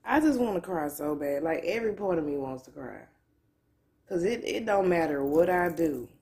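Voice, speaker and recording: A woman with a deep, expressive and slightly mellow voice vlogs from the couch at home at a moderate pace. In pain and near tears, she talks to the camera in a candid, profane, loose drawl with her own way of speaking.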